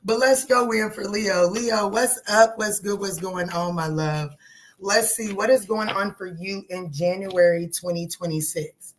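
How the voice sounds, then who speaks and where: A woman giving a casual tarot reading, talking in a chatty, animated way, swearing and joking with her viewers. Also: mid-range voice, unhurried. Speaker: tarot reader.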